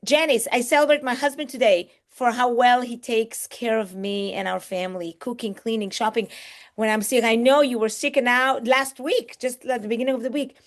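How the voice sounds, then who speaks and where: A middle-aged woman hosts a live online event over a video call, reading each chat comment aloud. Her voice sits a little high, and she reacts to every note with bursts of effusive, exclamatory delight. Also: steady tone, normal speed. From Israel. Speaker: host of an online book launch.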